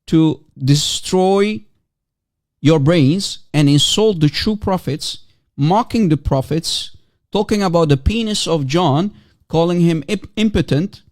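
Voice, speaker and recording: A man hosting a heated online debate, combative and mocking, hammering the same question over and over. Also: high voice. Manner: combative, mocking, repeats himself insistently. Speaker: debate livestream host.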